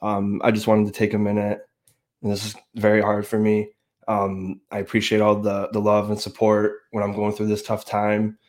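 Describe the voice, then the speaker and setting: A grieving man hosting a sports fan show, talking in a subdued, halting way with many restarts. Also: lowish voice, monotone, a little mellow. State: grieving, emotional. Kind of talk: casual sports podcast talk.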